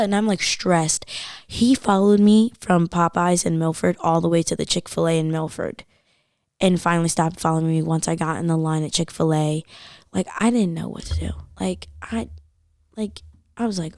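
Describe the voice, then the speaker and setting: Podcast guest, woman in her 20s, animated storyteller, slightly low voice, dry booth sound. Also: moderate pace, no echo. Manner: animated, says "like" a lot. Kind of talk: casual storytelling chat.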